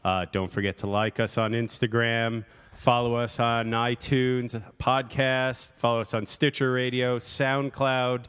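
A man's voice: mid-range voice, flat delivery, unhurried, few pauses, fairly bright tone, smooth, long reverb tail. A man hosting a casual podcast chat, playful and jokey, laughing often. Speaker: podcast host. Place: studio in Brooklyn.

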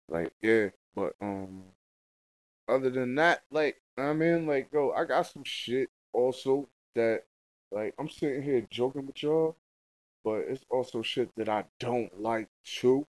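A young man hosting his own casual solo podcast, rambling in heavy slang and profanity with lots of fillers, and getting loud and high when a story heats up. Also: no room sound, poor audio. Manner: gets loud and high-pitched when telling a heated story. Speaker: podcast host.

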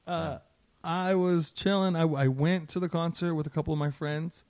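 A man co-hosting a podcast, telling stories in a profane, laughing, animated way. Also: on the high side, moderate pace, no room sound. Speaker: podcast co-host. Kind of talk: casual storytelling.

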